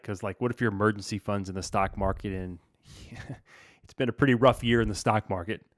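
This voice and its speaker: Low-voiced laid-back male podcast host. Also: no room sound, studio quality. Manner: laid-back, energetic, slangy, says "man" and "dude". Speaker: podcast host, financial planner. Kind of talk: casual podcast chat.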